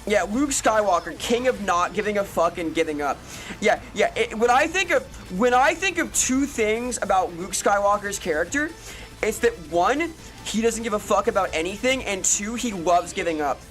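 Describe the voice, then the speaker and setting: A woman's voice: mid-range voice, animated, moderate pace. A woman streamer chatting casually with viewers, ranting and swearing with exasperation over faint background music. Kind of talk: casual live-stream chat answering viewers.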